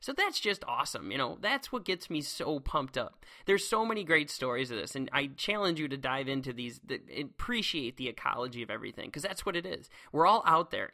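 A man who teaches science, talking in an excitable, rambling solo monologue full of restarts. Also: medium pitch.

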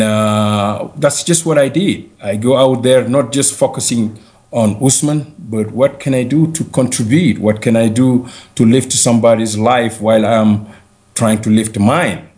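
Earnest West African man, halting restarts. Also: medium pitch, a little mellow. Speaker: interview guest. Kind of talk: reflective interview talk.

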